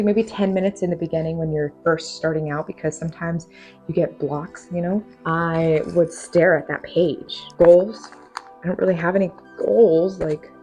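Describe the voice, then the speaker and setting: A woman's voice: on the low side, mellow. Chatty self-deprecating young woman vlogger. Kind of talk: candid storytelling to camera.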